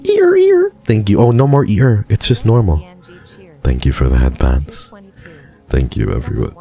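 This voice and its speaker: Super deep gravelly guy streaming, casual chat w viewers, teasing, faint music behind. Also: sing-song, moderate pace, mellow. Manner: playful and teasing, with frequent thank-yous to viewers. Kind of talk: casual live-stream chat, reading and answering chat.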